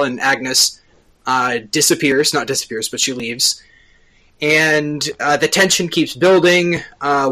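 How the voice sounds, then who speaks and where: A man with a bright, forward tone and a voice pitched slightly above the usual male range. He talks through the story in relaxed podcast chat, and he stops often on small filler sounds as he explains. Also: poor audio. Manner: explains at length with frequent uh fillers. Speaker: podcast co-host. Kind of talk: casual chat recapping a TV episode.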